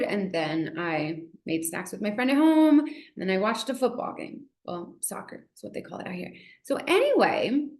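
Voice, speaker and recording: A woman's voice: mid-range voice, roomy sound. A young woman hosting a casual book discussion, chatty and full of "like," reading passages aloud now and then. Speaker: book club host.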